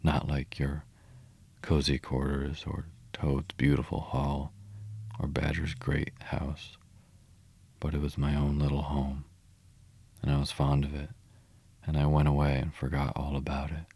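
A small, tearful male mole from a storybook pleads in broken, sobbing phrases, as a man reads him aloud. The voice sits extremely deep and barely moves in pitch. It is recorded close and dry. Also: monotone, measured pace, long pauses, warm tone, slightly rough, dry recording, full character voice.

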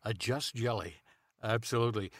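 A man improvising absurd comedy in a rambling, deadpan way, full of ums and uhs. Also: fairly low pitch, moderate pace, dry recording, clean studio sound.

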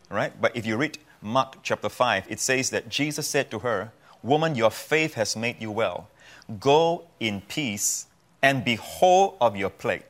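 A man's voice: mid-range voice, a bit bright. A man teaching from the Bible as a guest on a talk show, earnest and repeating phrases for emphasis. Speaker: guest preacher.

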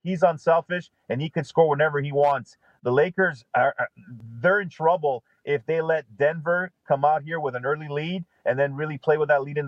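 A man's voice: a little high, no room sound, highs cut off. A man guesting as a basketball analyst, breaking down a game in emphatic, punchy short phrases. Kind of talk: sports talk analysis.

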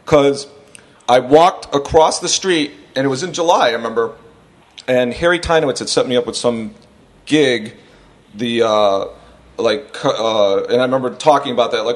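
A man's voice: medium pitch, moderate pace. A man guesting on a podcast, telling a wild story in a rambling, profane way and often laughing through it. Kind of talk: casual storytelling.

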